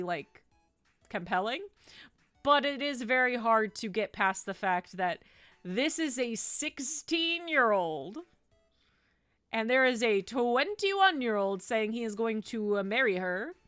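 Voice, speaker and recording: Brief: woman game streamer, unhurried casual chat at a home desk mic, dry close sound. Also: mid-range voice, smooth, no room sound. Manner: animated, says 'ew' and 'icky' with disgust, ranting.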